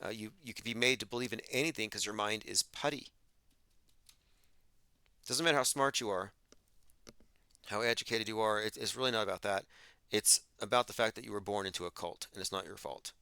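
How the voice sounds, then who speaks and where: A man's voice: fairly low pitch, brisk, long pauses, pushed and bright, clear, resonant tone, no room sound. A man hosting a livestream, delivering an emphatic, argumentative monologue and reading out chat comments. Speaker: podcast host.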